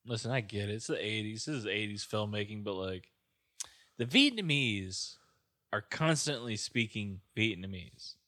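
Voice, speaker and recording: A man rambling through casual movie talk, swearing and laughing. His voice is bright and forward, recorded dry with no room sound. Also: on the low side, expressive, normal speed, dry recording. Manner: profane, laughing, loose and rambling. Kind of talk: casual movie-riffing chat.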